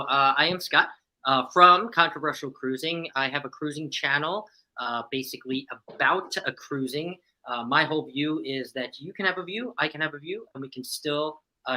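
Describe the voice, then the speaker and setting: A man introduces himself on a live stream in a mid-pitched, very bright voice. He is friendly and easygoing, pausing often on "uh" as he talks. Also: rough recording. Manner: friendly, easygoing, with frequent "uh" fillers. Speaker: guest, cruise channel creator. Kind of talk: casual self-introduction.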